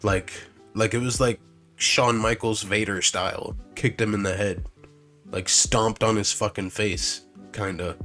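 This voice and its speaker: A man's voice: fairly low pitch, steady tone, unhurried, pushed and bright, soft background music. A young man casually recapping wrestling shows, rambling, swearing, restarting sentences and acting out what others said.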